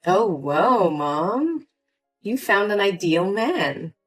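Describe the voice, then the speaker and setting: A woman's voice: mid-range voice, big pitch swings, drawn-out words, faint music behind, full character voice. A woman voicing an upset young adult daughter in a dramatized story, pleading and indignant. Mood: cheerful. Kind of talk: scripted story voice acting.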